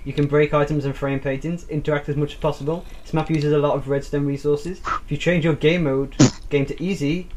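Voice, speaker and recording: A man's voice: on the high side, flat delivery, brisk, hardly any pauses, background noise. A young man, hosting a casual gaming video, chatty and joking as he reads on-screen text aloud. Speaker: host.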